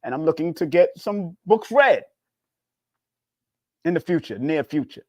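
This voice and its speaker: A man's voice: a little slow, no echo. Preachy man with a dry close sound. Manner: preachy, repetitive, animated swings in pitch. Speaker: spiritual numerology teacher. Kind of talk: casual spiritual talk.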